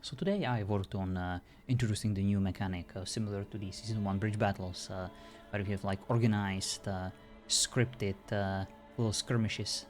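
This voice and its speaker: A man's voice: lowish voice, steady tone, normal speed, hardly any pauses, faint music behind. A European man chatting casually with viewers as a streamer, laughing often and joking around.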